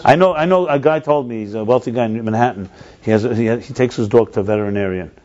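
Animated man telling stories, dull lo-fi sound. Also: mid-range voice, quick pace. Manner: animated, restarts and repeats words. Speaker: lead speaker in a group discussion. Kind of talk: casual discussion and storytelling. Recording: dull lo-fi recording.

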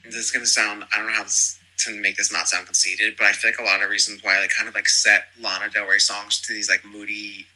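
A man talks quickly in a loose, rambling way, piling up fillers as he gossips. His voice is husky, with a bright, forceful edge to it. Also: lowish voice, flat delivery, poor audio. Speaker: podcast guest. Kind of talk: casual chat.

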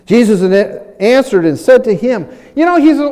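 A man preaching a sermon as pastor, animated and acting out the voices of people he quotes, chuckling often. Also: very high voice, fairly quick, in a large hall.

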